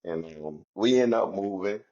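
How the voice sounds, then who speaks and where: A man's voice: deep voice, lively intonation, a little slow, mellow, muffled recording. A man, a former inmate, speaks candidly and reflectively about his past, in a loose style filled with "you know" and "like". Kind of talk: candid personal storytelling.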